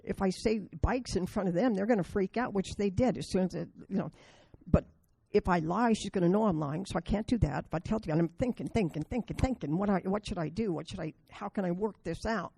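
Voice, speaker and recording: Woman, meeting speaker: mellow, raspy, blunt storyteller. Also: medium pitch, fairly quick, no room sound. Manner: blunt, storytelling, self-deprecating. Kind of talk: recovery meeting talk with stories.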